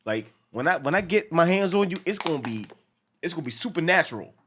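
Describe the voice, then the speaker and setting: A man co-hosting a casual show reaction, talking in a profane, animated way and acting out lines from the episode. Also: on the high side, fast talker, slight background noise.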